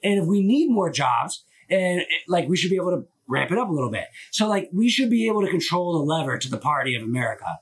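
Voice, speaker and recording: This man speaks fast with a fairly high, very animated voice that has a breathy edge, and he barely pauses. He's hosting a live stream into a phone, rambling casually and opinionatedly with plenty of filler words and swearing.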